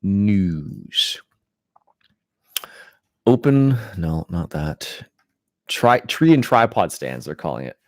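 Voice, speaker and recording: A man talks low and easygoing to his stream chat. He drifts from thought to thought with plenty of fillers and restarts. His voice sits close and dry, with no room sound. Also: very slow, pauses often, dry recording. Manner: rambling, relaxed, frequent restarts and fillers. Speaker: gaming channel host. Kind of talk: casual live-stream chat.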